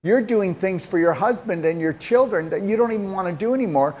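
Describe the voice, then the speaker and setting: A man's voice: high-pitched, lively intonation, a little fast, a little mellow, a little hiss or hum. Emphatic man coaching a caller. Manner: emphatic, direct, coaching with pointed questions. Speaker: natural health coach giving advice to a caller. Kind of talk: call-in advice talk.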